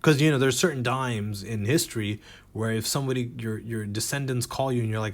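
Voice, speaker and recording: A man's voice: mid-range voice, brisk. A man performing a stand-up comedy set, rambling and self-deprecating, reading jokes from a notebook.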